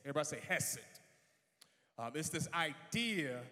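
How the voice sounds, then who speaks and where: High-voiced, animated male preacher. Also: moderate pace, long pauses, big-room sound. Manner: animated, swings from quiet asides to shouting. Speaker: pastor. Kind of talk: sermon.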